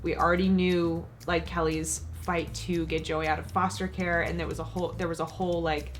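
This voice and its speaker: A woman's voice: fairly low pitch, level tone, brisk, faint music behind. A woman hosting a reaction video, talking casually and emotionally with lots of restarts. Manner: effusive, emotional, rambling with restarts.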